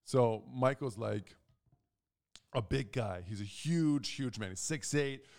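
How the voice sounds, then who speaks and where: A young man co-hosting a casual chat, telling a long story and acting out the quotes with big jumps in pitch. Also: slow pace, vocal fry, darkish tone. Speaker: podcast co-host.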